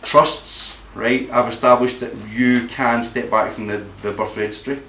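A man's voice: medium pitch, steady tone, measured pace, bright, forceful tone. A man speaks bluntly to a room of listeners and often repeats words mid-sentence. He is picked up from a distance, so his voice sounds roomy and echoey. A faint hiss sits under the recording. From Scotland. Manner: blunt, combative, repeats words while searching. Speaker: meeting speaker. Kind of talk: informal talk to a live audience. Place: meeting room.

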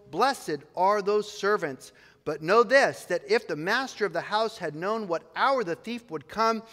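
A man's voice: sits high, fairly bright tone. A male pastor preaching a sermon and reading scripture aloud in a church sanctuary. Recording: long reverb of a church hall.

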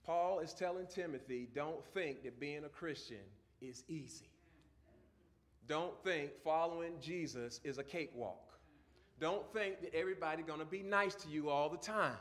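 A male pastor preaching a sermon, moving from quiet teaching to loud, fervent preaching. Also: on the high side.

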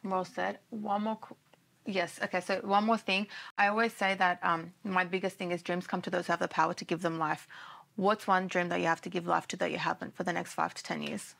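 A woman hosting an interview, friendly and quick to thank her guest. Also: lowish voice, level tone, creaky, a bit bright. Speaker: host. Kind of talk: conversational interview.

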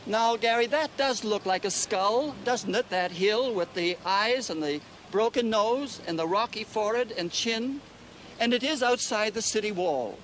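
A man's voice: high voice, fairly bright tone, a little hiss or hum, rough recording. A man guiding a tour, speaking earnestly on scripture and explaining it to a child. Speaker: tour guide. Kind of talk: guided tour talk on scripture.

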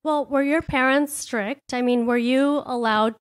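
A woman's voice: high-pitched, fairly even intonation, measured pace, clear, resonant tone. Gushing woman podcast host. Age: late 30s. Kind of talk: casual podcast interview.

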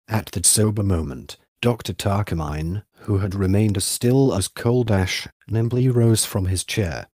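A man narrating a literary audiobook in a measured, even way. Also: fairly low pitch, no echo, clean studio sound.

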